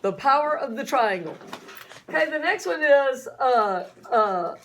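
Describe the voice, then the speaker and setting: Woman science teacher, high voice, folksy and chatty in front of a class. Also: animated, unhurried, fairly bright tone. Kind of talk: classroom lecture.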